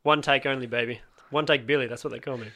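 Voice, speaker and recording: Guy hosting a beer podcast, bright forceful voice, jokey and rambly. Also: mid-range voice, steady tone, fast. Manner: jokey, rambling, laughing at himself. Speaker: podcast host. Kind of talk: casual beer podcast chat.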